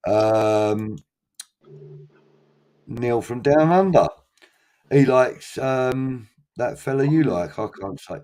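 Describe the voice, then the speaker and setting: A man's voice: mid-range voice, expressive, takes it slowly, long pauses, mellow. A man hosting a casual fan chat show, reading out viewer comments and talking things through with frequent ums. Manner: chatty, hesitant with many ums.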